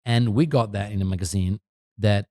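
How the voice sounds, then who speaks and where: A man's voice: fairly low pitch, steady tone, normal speed, warm tone, no echo, clean studio sound. A man with an Italian accent telling a rambling story in a casual podcast chat, laughing and restarting often. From Italy. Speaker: podcast guest, photographer.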